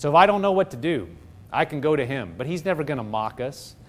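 A man preaching a sermon, swinging from loud, excited exclaiming to low, hushed tones. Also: quick pace.

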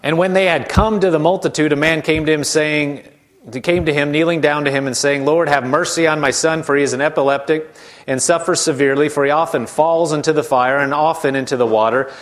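A man preaching a sermon in a conversational way, slowing down to stretch key words and dropping into hushed voices to mimic doubters. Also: a little high, fairly even intonation.

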